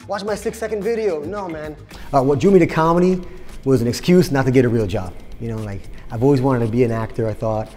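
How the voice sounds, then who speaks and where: A man's voice: mid-range voice, fast, dark tone, soft background music. A man, a comedian contestant, chatting casually to camera in a laid-back way, with a frequent "all right" and "you know". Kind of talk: casual interview confessional.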